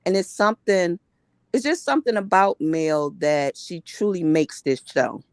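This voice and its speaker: A woman's voice: fairly low pitch, moderate pace, no echo, studio quality. A woman co-hosting a casual recap chat, blunt and opinionated. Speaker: co-host.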